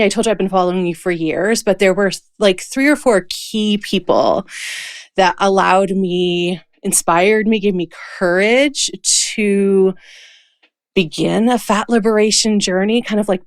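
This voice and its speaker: A woman's voice: mid-range voice, no echo, studio quality. Gushing woman podcast host. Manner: gushing, enthusiastic fan talk. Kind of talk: casual chat.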